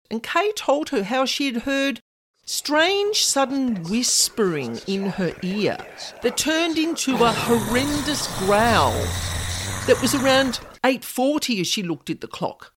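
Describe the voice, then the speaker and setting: Slow, lively-voiced woman storyteller. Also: sits high, a little hiss or hum. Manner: casual asides, conversational. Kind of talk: spoken story narration.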